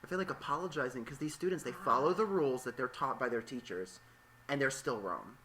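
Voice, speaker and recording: A man's voice: mid-range voice, a little fast, pushed and bright, a little hiss or hum. A young man hosting a casual interview podcast, talking in a playful, joking way. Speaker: podcast host; English teacher. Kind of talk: casual chat.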